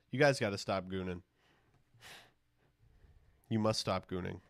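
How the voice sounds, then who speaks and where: A man's voice: sits low, slow, gravelly, no echo, clean studio sound. A man live-streaming as he opens trading cards, rambling and joking crudely with his chat.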